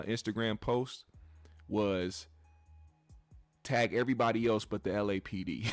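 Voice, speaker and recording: A man's voice: fairly low pitch, no echo. Blunt, profane male commentary host. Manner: blunt and profane, talks straight to the audience. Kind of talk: casual commentary to a live chat.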